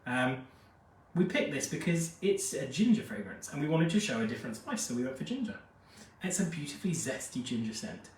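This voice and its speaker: Still feverish from a jab, this fragrance review host gushes and chats on his live stream, reading out what viewers write. His voice is on the high side with big pitch swings and a slightly fast pace; the echoey room, distant mic, and slight hiss or hum are audible.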